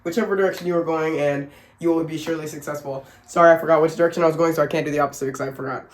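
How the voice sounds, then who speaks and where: Rapid-fire delivery comes in a low voice with a steady tone. This woman, a family vlogger, records a casual instructional vlog in an echoey room at home, showing simple workouts while sick and short of breath, all chatty jokes and self-directed laughter.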